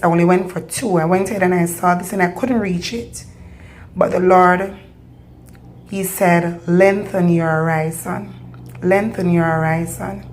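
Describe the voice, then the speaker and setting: A woman's voice: fairly low pitch, a little hiss or hum. A Jamaican woman hosting her channel, teaching patois in a casual way, laughing often and slipping between patois and English. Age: adult parent. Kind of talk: casual patois lesson and devotional talk.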